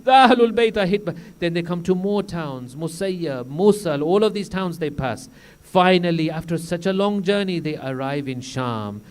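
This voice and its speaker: Male preacher with a high, clean voice. Solemn mourning storytelling that swells into impassioned cries. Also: expressive, moderate pace, a little mellow. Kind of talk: sermon.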